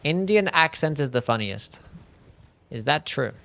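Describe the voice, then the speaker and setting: A man's voice: a little high, animated, a little slow, creaky, fairly bright tone. A young Australian man with a mild Australian accent, chatting casually while streaming a game and answering his chat.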